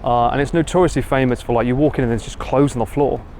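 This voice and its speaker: A man with an Essex accent talks casually to his live-stream viewers from a city street, answering their comments as he goes. His voice sits at an ordinary middle pitch, with faint street and traffic noise behind him. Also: steady tone, fast, a little mellow. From England. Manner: chatty, reads and answers viewer comments while walking. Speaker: livestream host.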